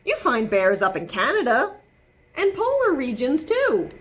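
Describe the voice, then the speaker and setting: A woman's voice: sits high, wildly swooping pitch, unhurried, slight background noise, full character voice. A woman voicing a grumpy, fed-up male koala who complains indignantly in a storybook read-aloud.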